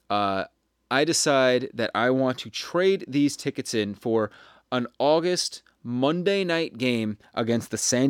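A man in his thirties co-hosting a sports podcast, telling a story in a halting, wry way with many restarts. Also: mid-range voice, clean tone, no echo, studio quality. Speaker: podcast co-host.

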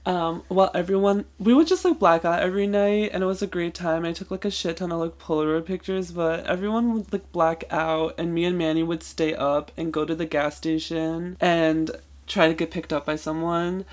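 A man's voice: a little high, fairly even intonation, moderate pace. A young man in his twenties co-hosting a podcast, telling a long story in casual chat, filled with "like" and swearing. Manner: rambling, full of "like" fillers and swearing. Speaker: podcast co-host.

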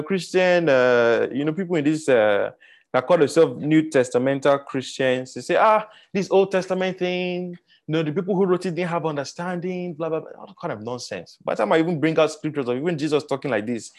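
Emphatic Nigerian man teaching scripture. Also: on the high side. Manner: animated, repeats words for emphasis, many fillers. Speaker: Bible teacher. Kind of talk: teaching sermon.

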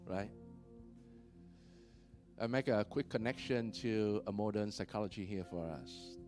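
Animated preaching man, faint music behind. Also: on the low side, unhurried, long pauses. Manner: animated, often laughs, checks in with "right?". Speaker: pastor. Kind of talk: sermon. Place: church.

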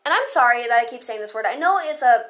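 A woman's voice: fairly high pitch, expressive, fast, fairly bright tone. A teenage girl ranting in a casual storytime vlog, sarcastic and full of swearing.

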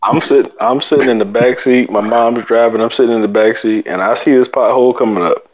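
A man co-hosting a casual podcast, telling animated stories, acting out quotes and laughing often. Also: medium pitch, fairly quick, dull audio. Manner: animated storyteller, acts out quotes, laughs a lot. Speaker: podcast co-host. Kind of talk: casual chat.

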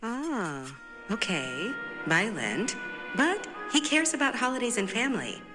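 A man speaking as a calm, thoughtful female teacher, quiet and reassuring, with music playing behind. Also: high-pitched, measured pace, pitched above the performer's own voice.

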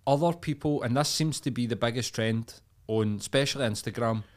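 Scottish male co-host, mid pitch, blunt and sweary, casual rant. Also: a little fast. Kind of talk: casual chat.

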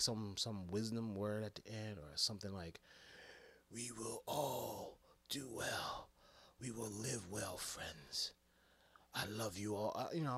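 A man who works as an EMT, ranting casually and profanely about a movie, swinging between hushed asides and loud outbursts. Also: on the low side, dry recording. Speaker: EMT giving movie reactions. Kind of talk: casual rant to camera.

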